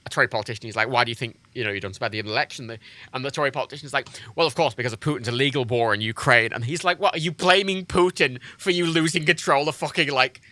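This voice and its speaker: Livestreaming a flight game, a man rants sarcastically about local politics and swears a lot in a casual stream rant. His medium-pitched voice is very fast, pushed and bright, with no echo.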